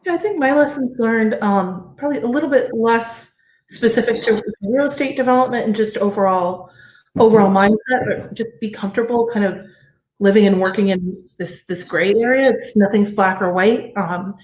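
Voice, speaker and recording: A woman's voice: mid-range voice, normal speed, darkish tone. Reflective woman panelist, echoey room. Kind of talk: panel discussion answer.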